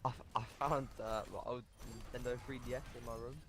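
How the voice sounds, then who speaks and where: A man from Italy chatting casually with friends in a halting, rambling way. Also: mid-range voice, fairly even intonation, noisy background. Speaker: friend in voice chat. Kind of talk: casual chat.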